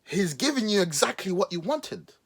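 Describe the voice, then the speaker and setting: A husky man delivers a mocking, sarcastic podcast monologue. His lively voice swings up and down as he teases and exaggerates. It sits a little high for a man. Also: moderate pace. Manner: mocking, animated, playful voices for emphasis. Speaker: podcast host. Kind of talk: sarcastic political commentary monologue.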